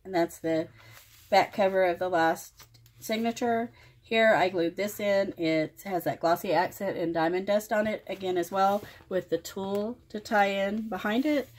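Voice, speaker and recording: A woman hosting her own craft channel, showing a finished project page by page in plain, unhurried commentary made of short phrases. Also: mid-range voice. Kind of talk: casual show-and-tell walkthrough.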